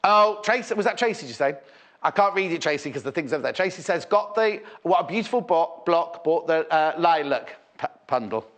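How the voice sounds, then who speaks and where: British male shopping channel host, higher pitch, very animated, chatty and rambling. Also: fairly quick. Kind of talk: live TV selling chat.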